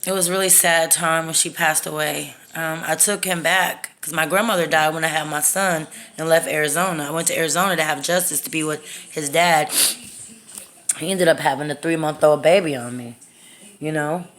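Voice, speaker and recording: A woman's voice: low-pitched, fairly even intonation, moderate pace, a bit bright. A woman from Texas, telling a personal story to her phone in a candid, profane, rambling way. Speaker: storytime vlogger. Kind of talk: casual storytime monologue.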